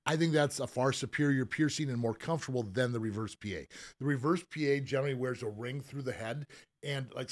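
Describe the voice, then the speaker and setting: A man hosting a podcast as a piercer, talking in an easygoing, rambling way with fillers and restarts, and he has the hiccups. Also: mid-range voice. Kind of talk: casual podcast chat.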